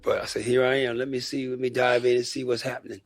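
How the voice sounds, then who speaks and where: Faint music plays behind a dry recording of an older musician from Michigan, USA, who talks fast at a medium pitch with some vocal fry. A guest in a casual interview, he tells rambling stories and animatedly acts out what people said.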